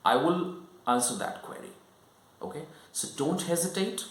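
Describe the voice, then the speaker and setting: A man's voice: on the high side, animated, normal speed, fairly bright tone. A man giving an online English lesson, explaining step by step and often checking in with "right?" and "okay?". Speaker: English teacher. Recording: roomy echo.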